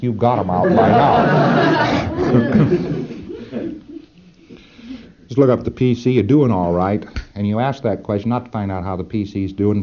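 A man's voice: on the low side, mellow, lo-fi sound. A man lecturing trainees in a folksy, emphatic way, with rhetorical asides to his listeners.

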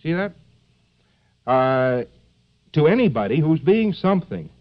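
A man's voice: on the high side, big pitch swings, unhurried. Joking man rambling through a lecture. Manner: joking, digressive, many fillers and rhetorical asides. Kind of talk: rambling live lecture to an audience. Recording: dull lo-fi old lecture recording.

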